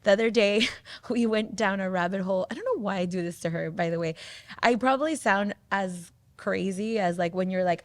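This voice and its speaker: A woman in her thirties hosts a casual podcast chat, telling lively stories and acting out her daughter's lines. Her voice carries a gravelly fry, and the sound is close and dry. She talks at a middle pitch. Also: normal speed, dry recording. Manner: animated storyteller, acts out quotes of her daughter. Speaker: podcast host.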